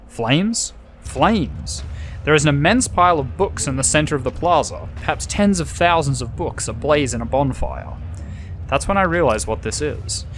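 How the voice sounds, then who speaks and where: A man's voice: mid-range voice, slight background noise. Casual male gamer reading and commenting. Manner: casual, offhand, muttering asides. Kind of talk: gameplay commentary and reading game text aloud.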